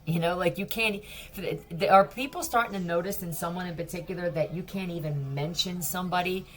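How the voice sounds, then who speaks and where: Low-voiced blunt woman reading tarot. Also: fairly quick. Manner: blunt, profane and mocking. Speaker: tarot reader. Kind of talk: casual tarot reading vlog.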